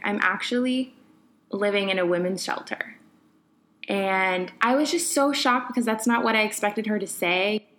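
A woman's voice: mid-range voice, fairly bright tone. A young adult woman hosting a podcast, telling a personal story in a candid, conversational way with many fillers. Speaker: podcast host.

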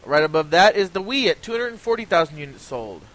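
Big pitch swings mark this host's somewhat high, a bit bright voice as he reads out sales figures fairly quickly on a casual gaming podcast, full of ums and restarts. He sounds a little hoarse from talking, over a low-quality recording with faint hiss.

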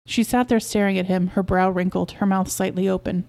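Mellow-voiced woman reading a story. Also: medium pitch, steady tone, fairly quick, vocal fry, few pauses. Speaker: podcast host reading a story.

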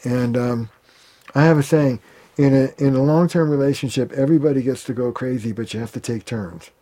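A man's voice: medium pitch, a little fast. A man, a family therapist, talking in an interview and acting out the arguments he quotes. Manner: animated, acts out quoted arguments. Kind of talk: conversational interview.

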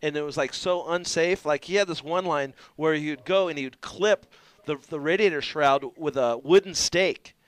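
A man co-hosting a radio show, telling stories in an animated, profane way. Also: a little high, moderate pace, no echo. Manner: animated, swearing, laughing storyteller. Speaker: co-host. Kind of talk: casual storytelling. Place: radio studio.

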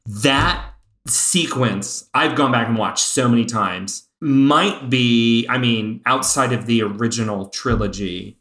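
Chatting on a casual podcast, a male co-host speaks with a middle-pitched voice and lots of eager, fan-like excitement. He speeds up and then slows down as he gets carried away. A noticeable echo from the roomy space colors the recording.

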